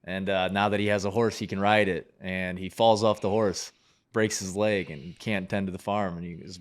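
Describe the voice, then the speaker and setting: A man hosting a casual interview, relaxed and swearing freely as he tells a story. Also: deep voice, normal speed. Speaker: podcast host.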